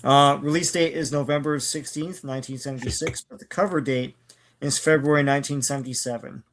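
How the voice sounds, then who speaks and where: A man's voice: medium pitch, steady tone, fairly quick, fairly bright tone. Man reading comic credits on a podcast. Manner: reads credits steadily, brief agreeing replies. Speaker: podcast co-host. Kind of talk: casual comic book discussion.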